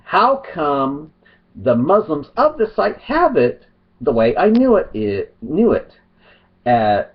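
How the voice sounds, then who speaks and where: A man's voice: mid-range voice, dull audio. A man ranting in a commentary vlog, repeating himself, restarting his sentences and firing rhetorical questions. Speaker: video blogger.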